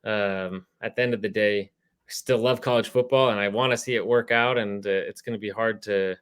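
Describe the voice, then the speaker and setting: A man hosting a casual sports interview podcast, talking in a relaxed, rambling way with lots of fillers. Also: lowish voice, fairly quick, clean tone. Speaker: podcast host.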